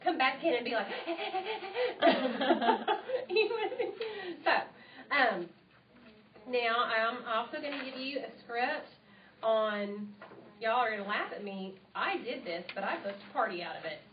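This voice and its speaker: A woman's voice: a little high, lively intonation, normal speed. A bubbly woman with a twang runs a live training session, talking cheerfully to a small group. She is caught from across a roomy space on a tablet mic, so the sound is distant and a bit dull, with a faint hiss underneath. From United States. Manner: bubbly and enthusiastic, chatty. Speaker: sales trainer. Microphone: tablet mic from across the room.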